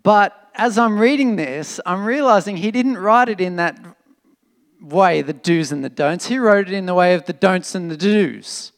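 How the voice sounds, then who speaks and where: A man preaching a sermon in an animated, emphatic, conversational way, with fillers and restarts. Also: high voice, normal speed, few pauses. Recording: long reverb of a hall.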